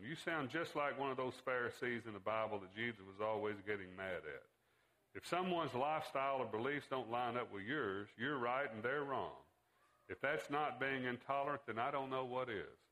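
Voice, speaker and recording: A man's voice: medium pitch, normal speed, pushed and bright, close to an everyday voice, poor audio. A man reading as an indignant teenage son. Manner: pointed rhetorical questions. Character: teenage boy, earnest and accusing son.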